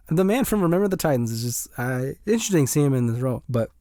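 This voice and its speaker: Man, young adult, casual movie recap, animated and rambling, warm tone, dry close sound. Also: on the high side, quick pace, few pauses, no echo. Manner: rambling, animated, acts out characters' lines.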